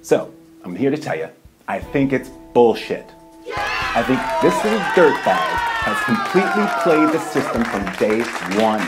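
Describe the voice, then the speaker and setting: A man's voice: medium pitch, sing-song, normal speed, over loud music, over a noisy crowd. Sarcastic ranting satirical news anchor, a man.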